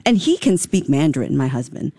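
A woman's voice: very deep voice, very animated, a little fast, mellow, no echo. A woman co-hosting a radio talk show, chatting conversationally and telling personal anecdotes. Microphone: studio microphone.

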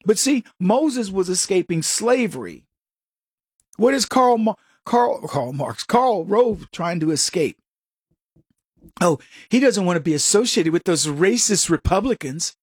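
Husky, lively middle-aged male commentator. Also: sits high, unhurried, dry recording, studio quality. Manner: sarcastic, preachy, addresses listeners as folks. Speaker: political commentary host. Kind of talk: opinionated monologue.

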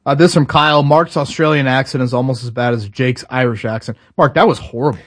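A sports radio co-host with a mid-range, slightly bright voice talks quickly on a casual sports show. He's conversational and stop-start, with frequent fillers and restarts. The studio-quality sound has no echo.

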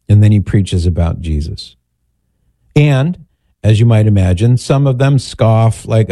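Guy hosting a call-in style show, low warm voice, wanders off on tangents, dry studio sound. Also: expressive, measured pace, no room sound. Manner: chatty, digressive storytelling. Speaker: host answering listener questions. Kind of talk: casual radio-style chat.

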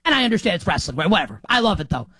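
Fired-up high-voiced New man. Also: rapid-fire, husky, dry recording, poor audio. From New York. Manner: excitable, ranting, emphatic. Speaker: sports talk show host. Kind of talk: animated sports talk monologue.

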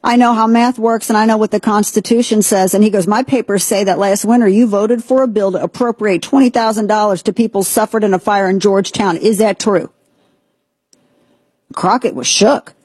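A woman's voice: mid-range voice, fairly even intonation, brisk, darkish tone, husky, no echo. A woman retelling a historical story in a casual, conversational way, acting out the quotes. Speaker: speaker recounting history.

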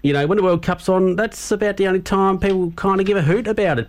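A man's voice: sits high, animated, brisk, hardly any pauses. A man hosting a radio show, chatting loosely between songs, tired and yawning, with plenty of ums and you-knows. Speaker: radio host. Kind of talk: casual chat between songs.

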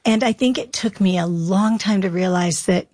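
A woman's voice: medium pitch, moderate pace, a little mellow, slightly rough, no echo. A woman guest in an interview, telling her faith story in an earnest, reflective way. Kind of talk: interview, personal testimony.

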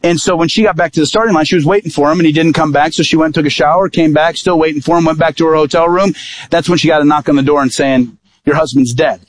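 A man preaching as an evangelist, telling a personal story in a lively sermon style and acting out what people said. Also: on the high side, fast talker. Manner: vivid storytelling, acting out quoted dialogue.

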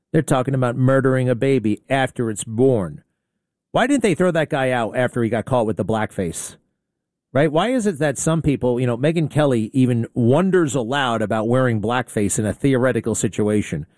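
A man hosting a talk radio show, delivering a blunt, sarcastic and excitable monologue. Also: medium pitch, dry recording, studio quality.

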